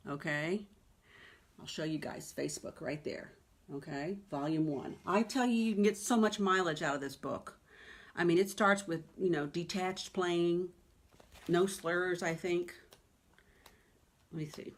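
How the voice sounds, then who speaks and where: Chatty woman piano teacher, low-pitched. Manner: chatty, emphatic, keeps asking "okay?" and "right?". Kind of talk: teaching webinar.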